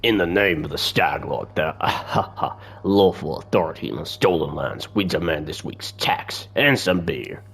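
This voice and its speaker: A man reading out a swaggering male bandit who demands tax, in a slow, demanding way. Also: rumbling low, gravelly, fairly bright tone, husky, exaggerated voice.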